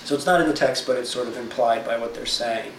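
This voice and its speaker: A man's voice: medium pitch, steady tone, fast talker. Chatty man teaching from scripture, roomy sound. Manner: reads scripture then paraphrases it in plain, chatty terms. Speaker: Bible teacher. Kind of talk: casual Bible study teaching. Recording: roomy echo, distant mic, faint noise.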